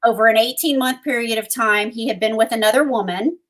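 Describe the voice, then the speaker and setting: A woman's voice: on the high side, a little fast, fairly bright tone. A woman co-host telling a personal story in conversation, earnest, with frequent ums. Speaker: co-host and guest.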